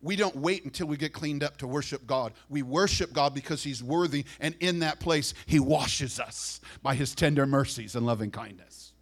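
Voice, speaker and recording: A man preaching as pastor, animated, acting out quick voices and dropping to soft asides. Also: medium pitch. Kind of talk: sermon.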